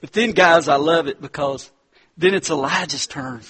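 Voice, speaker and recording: A man preaching in a relaxed, conversational way, calling his listeners "guys". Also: fairly high pitch, normal speed, breathy edge. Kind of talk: conversational sermon.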